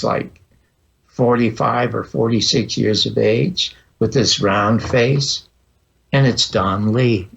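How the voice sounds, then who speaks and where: A man's voice: medium pitch, gravelly, fairly bright tone, breathy edge. A man in his eighties, a podcast guest telling vivid personal anecdotes and acting out the dialogue. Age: 80s. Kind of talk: storytelling interview. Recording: dull lo-fi audio.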